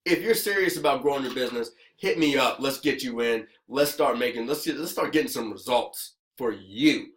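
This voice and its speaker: A man who works as a business coach, giving an energetic motivational talk to the camera and checking in with "okay?" again and again. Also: mid-range voice, fairly quick, hardly any pauses, echoey room. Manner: energetic, repetitive, keeps asking "okay?".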